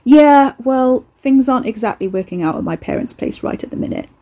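A woman's voice: high voice, lively intonation, brisk, dark tone, voice pushed up. A woman voicing a cocky young man who is an eldritch horror in human form, talking in a casual, slangy, offhand way. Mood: breezy. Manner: casual, slangy, chatty, unbothered.

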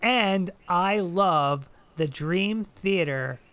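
Chatty higher-voiced man telling stories. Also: drawn-out words, fairly bright tone, smooth, no echo. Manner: rambling storyteller, drops into quoted voices. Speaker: podcast co-host. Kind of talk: casual podcast chat.

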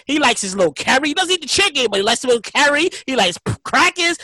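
A man spins a profane, animated story in casual chat, repeating words as he goes. His voice is high, bright and lively, and the sound is close and dry. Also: fast talker, no room sound.

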